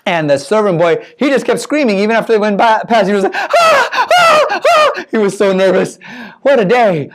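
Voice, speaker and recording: A man telling a children's mission story, animated and playful, with spoken sound effects. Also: high-pitched, quick pace, background noise.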